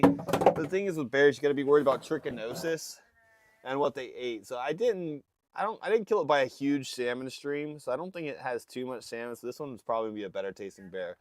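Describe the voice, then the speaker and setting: An Alaskan man streams live by phone from his fishing boat, casually telling a story to the chat and doing his family's voices. He has a mid-range voice, and the background is noisy.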